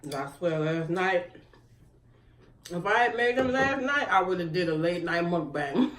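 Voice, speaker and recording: A woman's voice: fairly low pitch, expressive, a little slow, recorded from a distance. A woman hosting an eating show, chatting casually between bites and laughing often. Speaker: mukbang host. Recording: echoey room, voice from afar, faint room noise.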